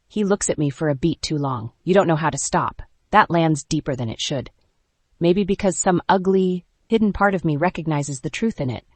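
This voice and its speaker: An audiobook narrator reads a first-person romance at a mid pitch, keeping a measured, even delivery with short, clipped pauses between phrases. The recording is close and dry, with no room sound around the voice.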